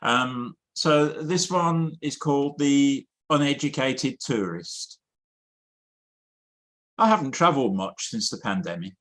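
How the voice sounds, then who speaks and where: A man chatting casually, then reading a comic poem deadpan at an online open mic over a video call. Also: mid-range voice, slow. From England. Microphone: home computer mic on a video call.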